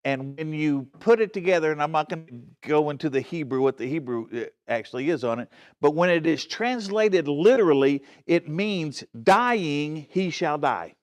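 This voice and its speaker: A pastor with a fairly high, smooth, slightly mellow voice leads a Bible study in a church at a moderate pace. He speaks earnestly and emphatically, often checks in with his listeners, and frequently restarts and corrects himself.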